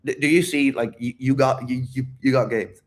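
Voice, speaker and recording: A man's voice: mid-range voice, steady tone, fairly quick. A man holding a livestream Q&A as a dating coach, talking straight to his viewers in an emphatic, repetitive way and swearing freely. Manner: addresses viewers directly.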